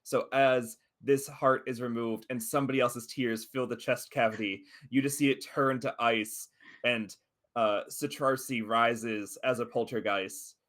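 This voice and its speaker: A man's voice: mid-range voice, steady tone, measured pace, a bit bright. A man narrating and asking questions as game master of a tabletop game.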